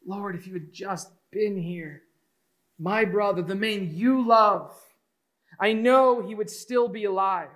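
A man voicing Mary, a grieving young woman, speaking softly and pleading. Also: high voice, slow pace.

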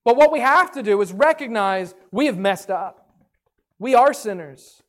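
A woman's voice: a little high, animated, moderate pace. A woman preaching a sermon in an earnest way, reading scripture aloud. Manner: earnest, reads scripture aloud, acts out listeners' voices.

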